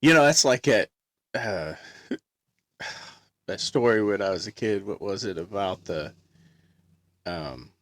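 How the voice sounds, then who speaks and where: A man with a fairly low voice hosts a relaxed chat, trailing off and backtracking as he tells an old joke. The sound is dry and close. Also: slow pace, long pauses, no echo. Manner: rambling, loses his place retelling a joke. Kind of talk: casual chat.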